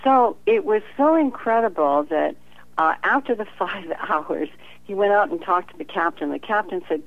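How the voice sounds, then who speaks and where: A woman's voice: medium pitch, moderate pace, no room sound. A woman, a professional psychic, telling a story in an interview, acting out the dialogue and often laughing. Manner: animated storyteller, acts out quoted dialogue with frequent laughter. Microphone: telephone. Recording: tinny phone line.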